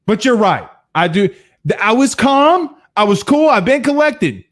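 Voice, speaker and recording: Guy hosting a post-game sports show, high-ish voice, blunt and cussing, laughs a lot. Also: very animated, a little slow. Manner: blunt, heated, profane, laughs often. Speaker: sports show host reading viewer comments.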